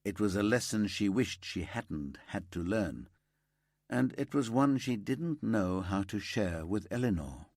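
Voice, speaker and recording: A man narrating a crime thriller audiobook in a steady, lively storytelling manner on a close mic. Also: on the low side, unhurried, no room sound.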